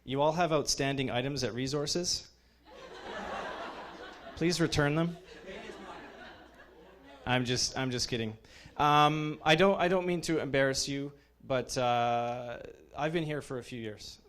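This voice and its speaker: A thirty-something program head gives a casual graduation address, full of fillers, restarts, and visible emotion toward his students. His mid-range voice has a fairly bright tone, with some chatter behind him and a little hiss or hum in the recording.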